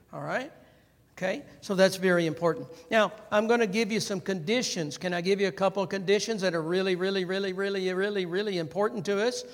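A man preaching a sermon in a conversational way, checking in with "right?" and calling on the congregation to answer. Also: high voice. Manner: animated, calls for congregation response. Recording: long hall reverb.

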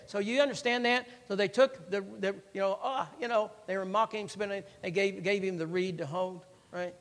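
A man preaching a sermon and reading scripture, swinging between loud emphasis and hushed, quiet phrases and repeating lines for emphasis. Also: high-pitched, fairly even intonation, fairly quick, few pauses. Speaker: pastor. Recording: long reverb of a large hall.

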